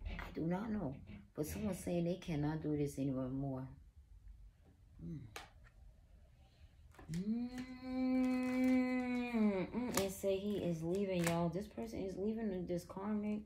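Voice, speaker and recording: Here a woman with a lowish, mellow voice reads tarot at a normal pace, some faint background noise present. Casual and psychic in style, she talks right to the viewer as "girl," cursing bluntly and emphatically.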